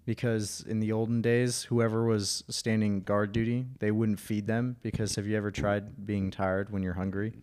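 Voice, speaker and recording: A man co-hosting a casual podcast, trading jokes and deadpan asides. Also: lowish voice, moderate pace, hardly any pauses, smooth. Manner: joking, deadpan asides, laughs at own bits. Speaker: podcast co-host. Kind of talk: casual chat.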